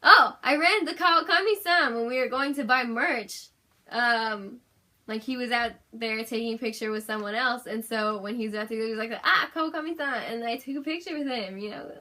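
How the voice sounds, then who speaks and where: A young woman, her voice hoarse from screaming, gushing and giggling as she recaps her day in a casual vlog. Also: on the high side, brisk. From Los Angeles, USA. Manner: gushing, giggly, fan excitement. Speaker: vlogger.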